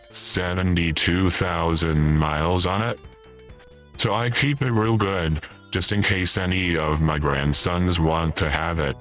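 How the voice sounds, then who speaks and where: A man's voice: low voice, a bit bright, heavily acted. A man putting on the voice of a forgetful retired old man who rambles, stops and repeats himself. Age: older. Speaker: streamer in character. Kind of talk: comedic in-character livestream chat.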